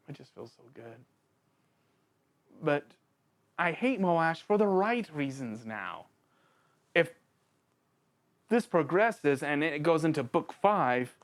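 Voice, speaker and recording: A channel host gives a casual, excitable book review out loud, joking around with big swings in pitch. Using playful slang, he speaks directly to the author and the characters.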